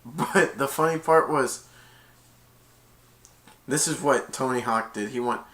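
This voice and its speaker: A man casually retelling a movie's plot in a rambling, excitable way, acting out the lines. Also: medium pitch, takes it slowly. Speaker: movie reviewer.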